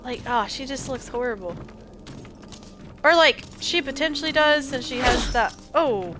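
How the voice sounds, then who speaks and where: A woman's voice: high-pitched, expressive, measured pace, noisy background. A woman in her twenties giving chatty, joking commentary over gameplay, often exclaiming. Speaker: gameplay streamer. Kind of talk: casual let's play commentary.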